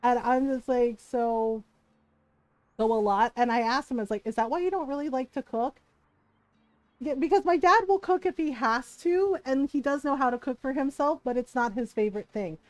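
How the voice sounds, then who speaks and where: A woman's voice: high voice, normal speed, no room sound. A woman streamer chatting casually, telling a story with frequent laughter and acted-out quotes. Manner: animated, laughs often, acts out quoted voices. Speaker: game streamer.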